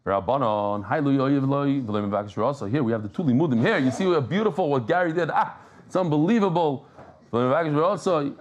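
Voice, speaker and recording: A man teaching a live Talmud class in a casual, animated way, joking with the room and restarting his sentences as he explains. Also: mid-range voice, brisk, muffled recording.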